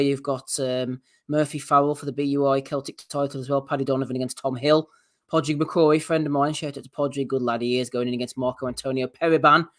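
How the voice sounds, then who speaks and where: A man with a fairly high voice hosts a boxing podcast in a wry, laid-back way. He moves the chat along into previews of upcoming fights. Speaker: podcast host.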